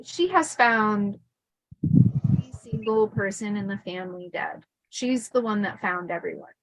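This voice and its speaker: A woman's voice: medium pitch, normal speed, no echo, low-quality recording. A middle-aged woman telling stories from her life in a casual chat, laughing often and restarting sentences. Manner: chatty, laughing, many fillers and restarts. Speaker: podcast host telling her life story.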